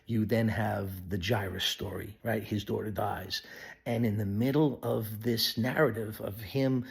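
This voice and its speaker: A man giving an earnest devotional Bible teaching, sometimes dropping to a hushed whisper. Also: lowish voice, fairly even intonation, unhurried, vocal fry, husky. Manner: acts out quoted voices of people in the story. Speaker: pastor.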